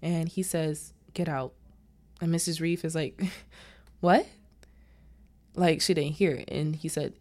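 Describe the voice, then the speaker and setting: A woman with a deep voice casually recaps a movie's plot, taking it slowly and pausing often. She animates the retelling by acting out the characters' lines as she goes.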